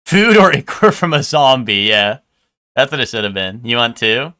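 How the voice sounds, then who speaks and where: A man's voice: mid-range voice, very animated, normal speed, bright, forceful tone. A man streaming live, chatting casually with his chat and stumbling over unfamiliar food names. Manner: chatty, hesitant, stumbles over foreign words.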